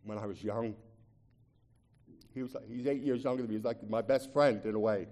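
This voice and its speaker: A man preaching a sermon, shifting from quiet, confiding talk to loud, impassioned pleading, often repeating words as he restarts. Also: lowish voice, steady tone, brisk. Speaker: pastor.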